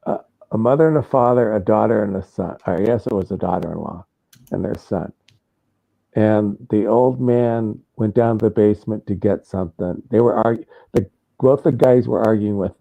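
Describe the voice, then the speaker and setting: A man's voice: lowish voice, gravelly, muffled recording. A man telling an anecdote in casual live-stream chat, rambling and correcting himself. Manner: rambling retelling with self-corrections.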